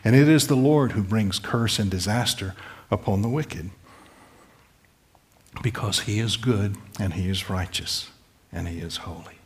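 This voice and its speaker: A man's voice: fairly low pitch, measured pace, pauses often. Earnest man preaching a sermon. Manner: earnest, pleading, rephrases verses plainly. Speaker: pastor.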